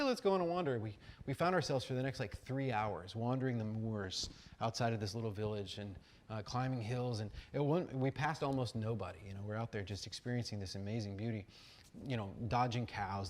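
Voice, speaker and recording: An American man giving a talk, reading reflective passages and telling rambling, animated anecdotes with fillers and restarts. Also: medium pitch. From United States. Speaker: speaker at an arts conference. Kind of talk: talk mixing read essay and casual anecdote.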